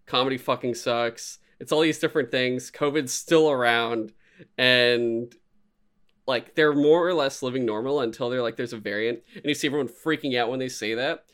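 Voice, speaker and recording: A man's voice: mid-range voice, normal speed, clean tone. A man in casual podcast chat, rambling and swearing as he animatedly retells a story. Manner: rambling, profane, animated retelling with put-on voices.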